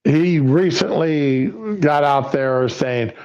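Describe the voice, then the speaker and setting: Male livestream host, unhurried and folksy, who asks himself questions and answers them, on dull lo-fi audio. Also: medium pitch, darkish tone, clear, resonant tone. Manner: folksy, poses and answers his own questions. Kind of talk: casual political chat.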